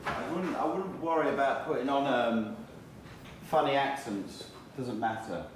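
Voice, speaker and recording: A man's voice: mid-range voice, measured pace. A man explaining firmly in a casual argument, sounding exasperated. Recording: echoey room from far off, noisy.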